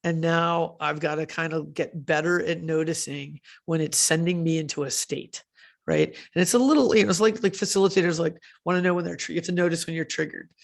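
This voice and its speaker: Woman speaker, chatty leadership talk, kinda gravelly, lots of "right?". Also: sits low, fairly quick. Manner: chatty, often tags "right?" and self-corrects with fillers. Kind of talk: conversational conference talk.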